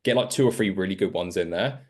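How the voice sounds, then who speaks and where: A man with a very low voice coaching a student on a call. He is frank and direct, and he chains his advice into long run-on explanations. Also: fast, a little mellow. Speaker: sales coach.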